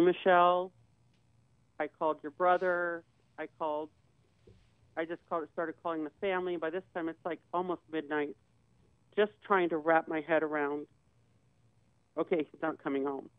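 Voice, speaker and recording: A woman guest recounts a personal story, acting out each back-and-forth line of dialogue as she goes. Her voice is smooth and clear. It comes through a narrow, phone-like line with a dry, close sound. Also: low-pitched, fairly even intonation, normal speed, long pauses, no room sound. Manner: retells conversations with quoted dialogue.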